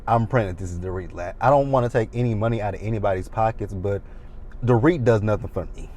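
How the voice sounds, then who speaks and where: A man's voice: fairly low pitch, fast talker, darkish tone, slight background noise. A man in his thirties recapping a reality show in a chatty, sassy way with dramatic asides. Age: 30s. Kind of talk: casual recap commentary.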